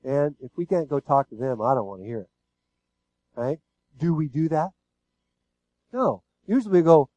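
A man preaching in a conversational way, tossing rhetorical questions to the room. His voice sits a little high for a man. The sound is close and dry, with almost no room in it. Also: lively intonation, normal speed, long pauses, dark tone, no room sound, poor audio. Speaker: pastor. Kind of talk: sermon.

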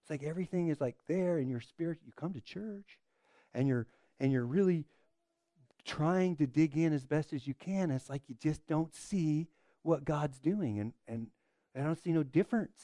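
A man's voice: on the high side, normal speed, dark tone, no room sound, clean studio sound. A man preaching a sermon as a pastor, asking the listeners rhetorical questions and often restarting his phrases.

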